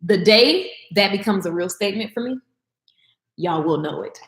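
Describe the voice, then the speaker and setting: A woman's voice: medium pitch, lively intonation, moderate pace. Chatty woman cooking in an echoey kitchen. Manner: chatty, talks to viewers as y'all, Southern slang. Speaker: vlogger and business coach. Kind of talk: casual chat while cooking. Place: home kitchen.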